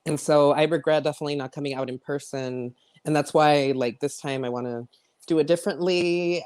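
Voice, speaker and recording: A man's voice: a little high, darkish tone. A man in a casual panel chat, speaking reflectively and hesitantly with many fillers. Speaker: podcast co-host.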